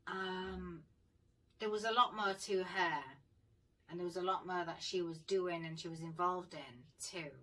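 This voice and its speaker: A woman's voice: lowish voice, bright, forceful tone, far from the mic, low-quality recording. A woman vlogger telling a personal story in a casual, chatty way, swearing freely and laughing often. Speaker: paranormal vlogger.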